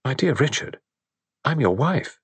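Brief: male reader doing a soft-spoken, gentle young wife for an audiobook, dry close sound. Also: medium pitch, big pitch swings, unhurried, husky, no room sound, voice pushed up, full character voice. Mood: probing. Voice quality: soft, quiet. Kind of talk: audiobook character voice.

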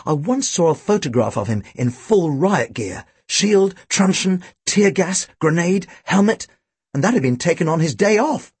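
A man narrating a storybook with a dry, wry, expressive delivery. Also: fairly high pitch, unhurried, husky, dry recording. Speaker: audiobook reader.

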